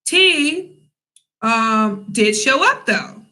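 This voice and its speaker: A young woman telling a casual storytime vlog, chatty and animated, with many fillers and asides to her viewers. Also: fairly high pitch, extremely slow, low-quality recording. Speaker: vlogger, English teacher in Korea.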